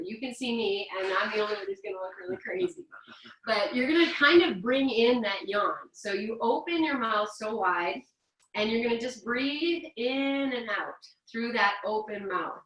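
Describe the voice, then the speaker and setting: Bright-voiced woman leading yoga, echoey room. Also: mid-range voice, far from the mic. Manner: gentle, chatty and playful, with sighs and self-corrections. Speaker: yoga teacher. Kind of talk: guided yoga instruction.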